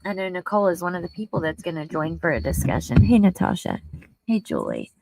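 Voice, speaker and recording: Woman, livestream host, casual commentary, earnest, emotional, chatty, low voice, dry close sound. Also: huge pitch swings, brisk, gravelly, a little mellow, no echo, poor audio. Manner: earnest, openly emotional, chatty, talks straight to viewers. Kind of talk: casual livestream commentary reading news and chat.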